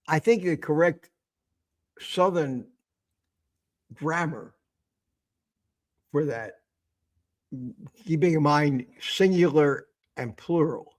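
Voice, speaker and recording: An older man hosting a casual morning livestream, a bit hoarse, teasing his guest and reading viewer comments aloud. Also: fairly high pitch, drawn-out words, long pauses, darkish tone. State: a bit hoarse after a late night. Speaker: livestream host. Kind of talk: casual live-stream chat.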